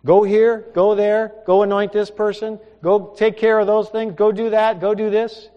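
A preacher voicing God, stern and pressing. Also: male voice, sits high, lo-fi sound, pitched above the performer's own voice. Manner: pressing rhetorical questions. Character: God, a stern, urgent male divine voice. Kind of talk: sermon. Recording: echoey hall with long reverb.

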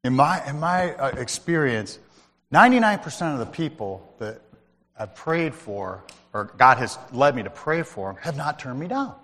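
Lively-voiced man speaking in a reverberant hall. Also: mid-range voice, normal speed. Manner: conversational storytelling, addresses listeners by name. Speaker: lay speaker at church. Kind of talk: sermon-style testimony.

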